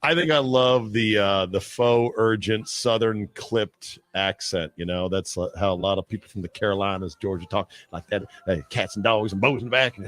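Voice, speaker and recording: A man's voice: lowish voice, normal speed, few pauses, a bit bright. A man hosting sports radio, bantering and laughing with his co-hosts. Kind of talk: casual sports talk.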